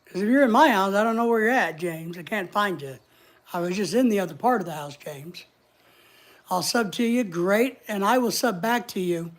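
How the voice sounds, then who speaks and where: A woman's voice: medium pitch, lively intonation, brisk. A woman hosting a casual livestream, chatting in a rambling way and reading viewer comments aloud. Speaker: livestream host.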